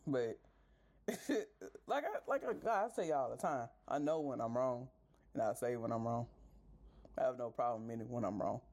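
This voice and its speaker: A woman's voice: rumbling low, lively intonation, normal speed, pauses often, a little mellow. A woman hosting a podcast, ranting casually and profanely with exasperated bursts of laughter. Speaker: podcast host.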